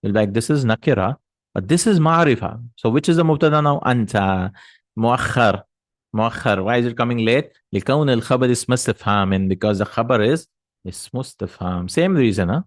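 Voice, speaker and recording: A man's voice: mid-range voice, animated, a little fast, no echo. A man teaching Arabic grammar in a recorded lesson, explaining step by step and answering his own questions.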